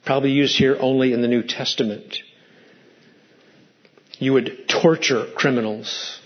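A man's voice: mid-range voice, fairly even intonation, a little slow, lo-fi sound. A man preaching a sermon as pastor, emphatic and fond of stacked rhetorical questions.

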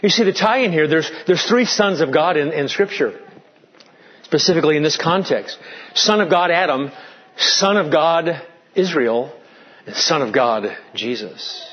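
A pastor preaching a dramatic sermon, dropping into hushed tones for emphasis. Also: male voice, on the high side, lively intonation, a little slow, muffled recording.

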